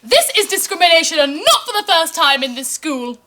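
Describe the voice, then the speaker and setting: A woman's voice: sing-song, brisk, a crowd in the background. A woman playing a pompous, melodramatic middle-class mother complaining at school in a student comedy drama. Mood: furious. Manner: haughty, melodramatic, escalates into shrill outrage. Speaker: parent.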